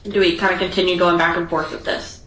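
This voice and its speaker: A woman attorney questioning a witness in court with brisk, direct questions. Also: fairly low pitch, flat delivery, fairly bright tone. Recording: echoey room, voice picked up from a distance.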